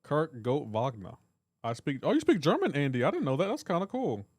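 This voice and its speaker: A man's voice: a little high, wildly swooping pitch, a little fast, husky, dry recording, studio quality. A man hosting a live game stream, joking around in casual chat and answering his viewers' comments aloud.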